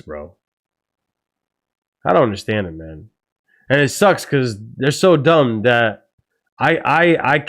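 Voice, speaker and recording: A man hosting a live football watchalong stream, excitable and swearing a lot, with loud outbursts at big moments. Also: medium pitch. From United States. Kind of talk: live match reaction stream.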